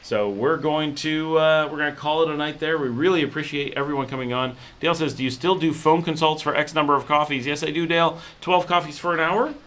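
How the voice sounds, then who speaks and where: A man hosting a casual livestream, telling stories in a relaxed way and reading out viewer comments. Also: fairly high pitch, a little fast, few pauses. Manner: relaxed storytelling, reads viewer comments aloud. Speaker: livestream host.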